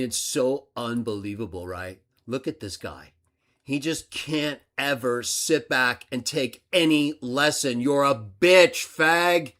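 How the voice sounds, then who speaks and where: A man hosting a livestream, delivering an aggressive rant that swings between loud outbursts and low muttering. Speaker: livestream host.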